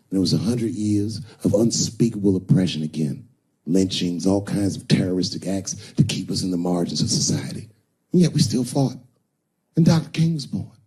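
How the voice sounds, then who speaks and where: A man's voice: lowish voice, warm tone. A middle-aged man performing a stand-up comedy set, telling profane stories with sudden bursts of emphasis.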